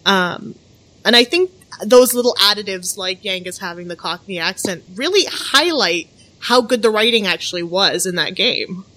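A woman's voice: medium pitch, expressive, moderate pace, bright, forceful tone. A woman chatting casually on a podcast, sharing enthusiastic opinions. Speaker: podcast panelist. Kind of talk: casual chat.

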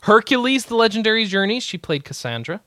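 Male podcast host, young adult, excitable, cuts in often, bright tone, dry close sound. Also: on the high side, a little fast, no echo. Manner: excitable, cuts in to correct others. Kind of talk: casual chat, reading gaming news.

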